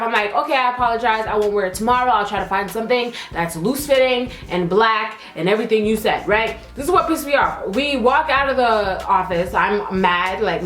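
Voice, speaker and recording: A young woman telling a storytime while doing her makeup, animated and slangy, acting out what people said. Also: mid-range voice. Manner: animated, slangy, acts out quotes. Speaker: beauty vlogger. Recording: roomy echo, faint music.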